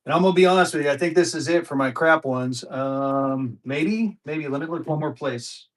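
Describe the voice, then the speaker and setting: A man's voice: fairly high pitch, moderate pace. A man, chatting casually to viewers as a live-stream seller and thinking aloud as he digs through his stock. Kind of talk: casual live auction chat.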